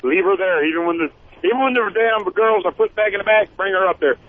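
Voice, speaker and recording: A man calling into a radio show, excited and rough-edged in how he talks. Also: sits high, fast talker. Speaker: caller. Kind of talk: radio call-in. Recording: tinny phone line with faint noise.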